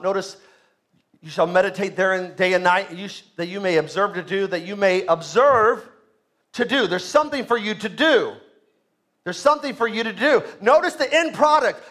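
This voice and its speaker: A man's voice: very high-pitched, fairly bright tone. A man preaching a sermon as pastor, emphatic, repeating key phrases and calling on the congregation to respond.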